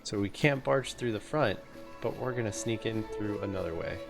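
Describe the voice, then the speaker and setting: A low-voiced man makes wry, joking remarks as he plays through a video game. Game music plays clearly under his voice throughout. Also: normal speed. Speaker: gaming streamer. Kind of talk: playthrough commentary. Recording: game music playing behind.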